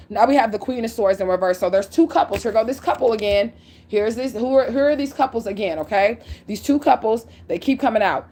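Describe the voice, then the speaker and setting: A woman's voice: mid-range voice, darkish tone. A woman giving a casual tarot reading at home. She talks bluntly and swears, and she drives her points home with "okay?" and "period". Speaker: tarot reader. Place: at home near a window.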